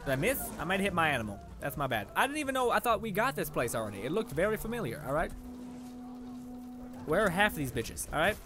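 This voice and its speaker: An excitable young man commenting on his gameplay, with a voice set a bit high for a man. He swears freely and shouts at the enemies on screen. A faint hiss of noise sits under the recording. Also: fast talker. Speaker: let's play gamer.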